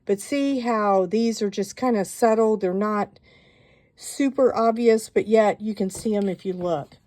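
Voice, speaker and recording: A woman calmly walking viewers through a stamping craft project step by step, chatty and given to rambling asides. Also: medium pitch, measured pace.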